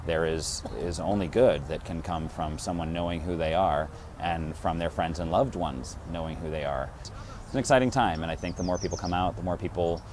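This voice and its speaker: A man in his thirties from Massachusetts, an actor and director, telling a personal story to camera in a lively way and acting out the dialogue. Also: deep voice, moderate pace, noisy background. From Massachusetts, USA.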